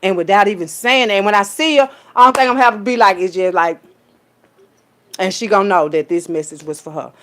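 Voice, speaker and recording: A woman, telling a story in a casual rant full of profanity and swinging between loud, high bursts and low, quiet asides. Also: quick pace. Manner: animated, profane, streetwise storytelling with big pitch jumps when quoting people. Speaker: vlogger.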